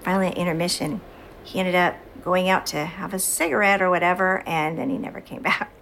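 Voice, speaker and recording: A woman's voice: on the low side, brisk, creaky, slight background noise. A middle-aged mother telling a story in an interview, animatedly acting out what she said back then. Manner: animated storyteller acting out her own quotes. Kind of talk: casual interview.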